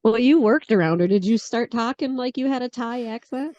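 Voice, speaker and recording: A woman with a slight Southern accent co-hosting a casual talk show, rambling and animated, laughing often. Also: fairly high pitch, moderate pace, no room sound. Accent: Southern US tinge, Michigan. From Michigan. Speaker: podcast co-host. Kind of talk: casual chat. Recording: dull lo-fi sound.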